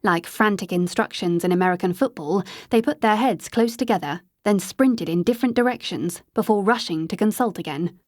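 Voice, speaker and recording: A woman reads an audiobook in a steady, measured way. Her voice sits at a middling pitch, and the recording is dry and close. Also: no echo. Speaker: audiobook narrator. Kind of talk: scripted narration.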